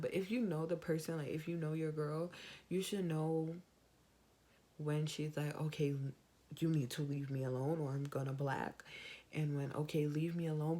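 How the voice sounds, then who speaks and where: A young woman talks to camera in a casual advice vlog. Her speaking voice sits a little low, and she jumps up in pitch whenever she acts out what someone else says. She is chatty and animated throughout. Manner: chatty, animated, acts out quoted lines in a higher voice. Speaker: vlogger.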